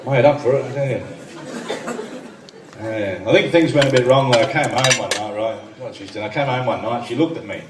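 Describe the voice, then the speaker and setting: A man's voice: mid-range voice, a little fast. A man in his thirties with an Australian accent doing a stand-up routine, trading dry one-liners and asides with the crowd. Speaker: stand-up comedian. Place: benefit night venue, live room. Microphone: far phone recording. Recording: echoey far phone recording, noisy room. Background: crowd laughter and room noise.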